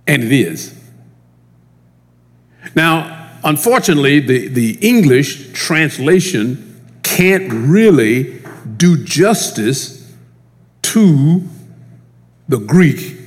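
A man preaching a teaching sermon, emphatic and animated, swinging from loud emphasis to a hushed prayer. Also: medium pitch, extremely slow, long pauses, in a large hall.

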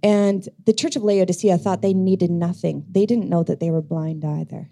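Earnest woman preaching, dark warm voice. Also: on the low side, fairly even intonation, normal speed, creaky, faint music behind. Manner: earnest storytelling preaching with scripture reading. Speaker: pastor. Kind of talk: sermon.

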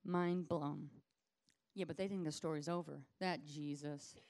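A woman preaching a casual, conversational sermon, animated and acting out scenes as she tells them. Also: sits low, unhurried.

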